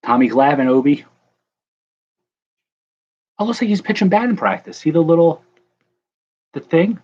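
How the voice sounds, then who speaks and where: A man's voice: on the high side, very animated, normal speed, a little mellow, dull audio. A young man casually chatting with viewers on a livestream while he opens card packs, joking and calling out people in the chat by name. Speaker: card breaker livestream host.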